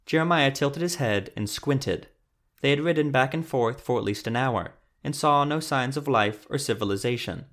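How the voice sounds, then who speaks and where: A man narrates a fantasy story in a steady, measured way. His mid-range voice keeps an even pace.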